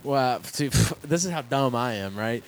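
A man's voice: medium pitch, animated, unhurried, rough recording. A young man co-hosting a podcast in casual chat, blunt and joking, swearing freely, with faint noise behind. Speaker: podcast co-host.

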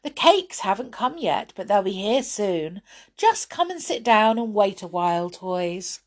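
A woman voicing a naughty, mischievous girl doll from a storybook, squealing high in fright or sweet in scheming. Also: big pitch swings, unhurried. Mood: sweetly scheming. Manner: high shrieking panic.

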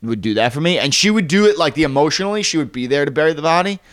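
A young man tells a story on a casual podcast, his pitch swinging widely as he acts out each person he quotes. He swears freely and jumps between voices. The sound is close and dry. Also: animated, rapid-fire, fairly bright tone, no room sound. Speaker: podcast co-host.

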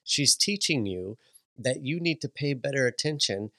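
A man hosting a podcast, telling a casual story with animated delivery, frequent laughs and many restarts. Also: mid-range voice, moderate pace, dry recording. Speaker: podcast host.

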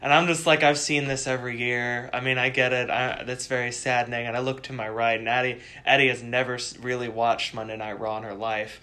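A man chatting casually, telling stories in an animated way with frequent laughs. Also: medium pitch, brisk, hardly any pauses. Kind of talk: casual chat.

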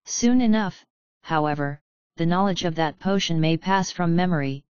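A woman narrating a chapter of a story in a steady, measured reading style. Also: lowish voice, clean tone, dry recording, lo-fi sound. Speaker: audiobook narrator. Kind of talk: scripted narration of a fan fiction chapter.

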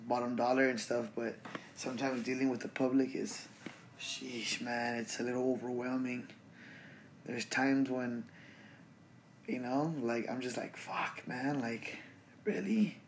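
Young male podcast host, casual slangy rant, mid pitch, faint noise behind. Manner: relaxed, slangy and ranting, full of fillers. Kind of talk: casual solo podcast monologue.

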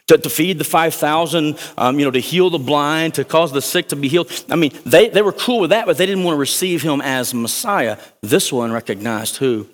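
A man preaching a sermon as a pastor, energetic and conversational, with jokes and asides to the congregation. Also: medium pitch. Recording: long reverb of a large hall.

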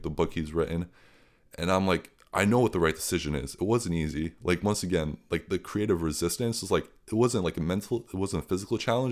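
A young man with a low-pitched voice, guesting on an interview podcast. He tells his story in a casual, earnest and rambling way, leaning heavily on filler words as he goes.

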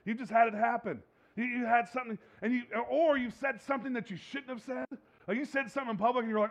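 A man's voice: very high-pitched, fairly even intonation, fast, gravelly. A man preaching a sermon as a pastor, in a conversational, humorous way, laughing often. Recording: dull lo-fi recording.

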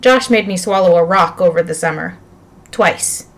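An earnest, helpful schoolboy explains things politely and eagerly, as a woman reads him aloud. His voice is light and a little higher than a plain reading voice. He sounds like a storybook boy. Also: normal speed, lightly acted. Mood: calm.

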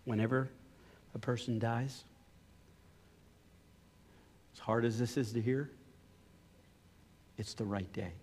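A middle-aged man preaching a sermon as a pastor, swinging from loud impassioned pleading to low, quiet storytelling. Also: steady tone, measured pace, slight background noise. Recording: long hall reverb.

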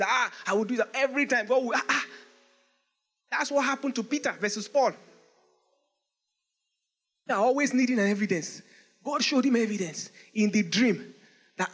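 A male pastor preaching a lively sermon, reading scripture aloud in old-style English and laughing often. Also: sits high.

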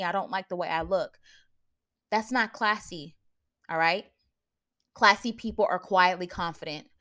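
A woman's voice: medium pitch, fairly bright tone. A young adult woman hosting a podcast, giving blunt, preachy advice in casual slang, often laughing and asking listeners if they follow. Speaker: podcast host.

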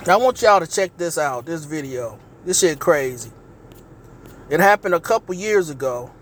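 Casual podcast host, a man with a high voice, blunt slangy talk, recorded in a car with road noise. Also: lively intonation, moderate pace. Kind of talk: casual commentary monologue. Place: inside a car. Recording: noisy car interior.

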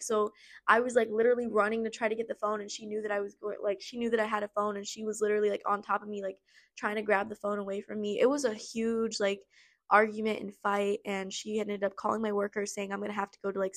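A young adult woman hosting a podcast tells her personal story candidly and ramblingly, using many fillers and some blunt swearing. Her voice is medium in pitch.

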